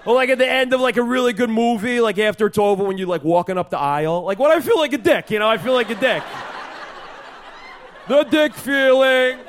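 Picture a loud, hammy cousin from Staten Island trying out stand-up, as a man puts him on. He talks, pitched much higher than the performer's own voice, and keeps baiting the crowd. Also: animated, fairly quick, a little hiss or hum. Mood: brash. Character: brash male cousin from Staten Island doing clumsy stand-up.

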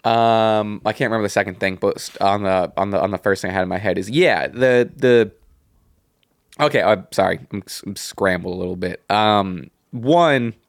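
A man's voice: lowish voice, no echo, studio quality. A man co-hosting a podcast who chats casually about wrestling, rambling and restarting his sentences as he goes. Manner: rambling, halting, with many restarts and laughs. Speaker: podcast co-host.

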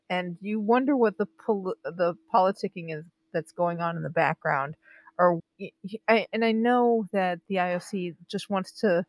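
A woman co-hosting a casual sports chat show, talking in an animated, indignant way with frequent restarts. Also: on the low side, dry recording. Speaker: podcast co-host. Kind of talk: casual chat about Olympic news.

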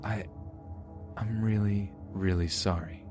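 A man voicing a frightened, apologetic young woman who speaks in a small, halting voice. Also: lowish voice, fairly even intonation, music in the background. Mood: pleading.

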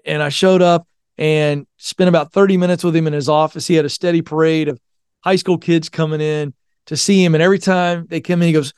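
A man's voice: fairly high pitch, fairly even intonation, fast talker, a little mellow, clear, resonant tone, dry recording, clean studio sound. A middle-aged man from Virginia, a guest author telling folksy, earnest stories in a podcast interview. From Virginia, Tidewater area.

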